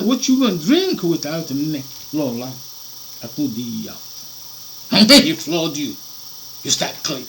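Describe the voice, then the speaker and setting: A man preaching an impassioned sermon, swinging between loud declamations and hushed, almost whispered lines. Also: a little high, huge pitch swings, moderate pace, gravelly, a little hiss or hum, poor audio. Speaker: spiritual preacher.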